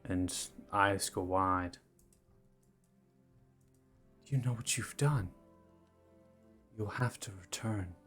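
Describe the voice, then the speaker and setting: A man's voice: on the low side, very slow, pauses often, fairly bright tone, slightly rough, faint music behind. A man narrating a tabletop roleplaying game as game master, in loose, hedging descriptions.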